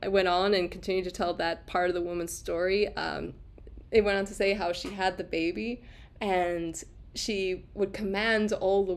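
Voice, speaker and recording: Chatty woman hosting an art lecture. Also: medium pitch. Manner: chatty, laughs often, many fillers and restarts; reads and answers viewer comments. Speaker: host giving an art lecture. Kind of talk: casual livestream lecture.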